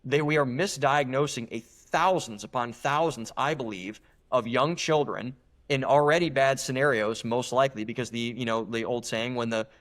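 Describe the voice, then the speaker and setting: A young man talks as a guest on a podcast, earnest and emphatic. He often restarts his sentences as he builds a point. His voice sits at a middle pitch. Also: normal speed, fairly bright tone. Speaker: guest author. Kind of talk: podcast interview.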